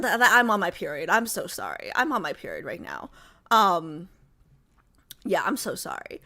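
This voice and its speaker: Woman, young adult, stream host, casual chat, rambling, lots of fillers, bright voice. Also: medium pitch, big pitch swings, a little fast. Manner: rambling, chatty, full of fillers and asides. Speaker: livestream host. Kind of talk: casual chat with live viewers.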